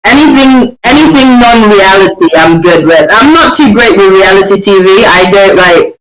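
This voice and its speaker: A man with a high voice chats as an interview guest, animated and self-mocking as he tells stories. He sounds far from the mic in a roomy space, with a crowd murmuring behind him. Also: normal speed. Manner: animated storyteller, acts out quotes, self-mocking. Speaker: guest, children's author. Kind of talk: casual interview chat.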